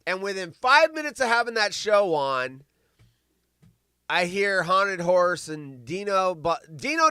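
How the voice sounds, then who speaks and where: A middle-aged man hosts a live talk show in a bright, lively voice that swings from loud bursts to mumbled asides. His delivery rambles and is full of swearing, recorded close and dry. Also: high-pitched, normal speed, clear, resonant tone, no echo. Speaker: podcast host. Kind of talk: casual live-stream chat.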